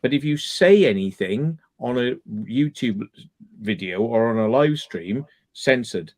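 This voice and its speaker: A man's voice: mid-range voice, expressive, a little slow, a little mellow. A man hosting a casual live chat stream, ranting and swearing freely.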